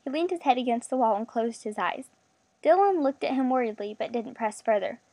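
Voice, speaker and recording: A woman narrating a storybook aloud with an expressive reading. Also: on the high side, brisk, no echo.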